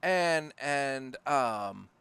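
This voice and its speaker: A man co-hosting a podcast, talking in a relaxed, rambling way while he asks questions and reviews a cigar. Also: mid-range voice, drawn-out words, creaky, clear, resonant tone, dry recording. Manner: relaxed, rambling, with filler and restarts. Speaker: podcast co-host. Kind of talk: casual podcast chat. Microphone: studio podcast mic.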